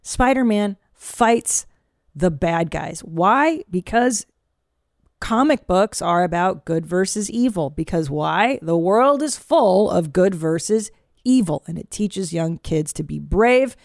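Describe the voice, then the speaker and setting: A woman's voice: lowish voice, lively intonation, slow pace, gravelly, no echo. A woman stand-up comedian hosting a podcast in a studio booth, chatting casually in a frank, profane, rambling way.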